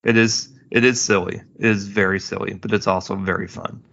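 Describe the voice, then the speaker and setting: A man co-hosting a podcast in casual chat, rambling with halting restarts and cracking dad jokes. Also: fairly low pitch, fairly even intonation, creaky, a bit bright, highs cut off. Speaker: podcast co-host.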